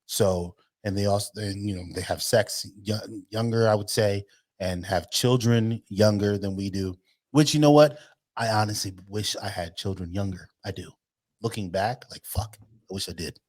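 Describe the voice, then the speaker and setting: A man's voice: lowish voice, moderate pace, a little mellow. A man in his thirties co-hosting a podcast, telling stories in a blunt, profane, casual way. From United States. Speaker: podcast co-host. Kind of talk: casual chat.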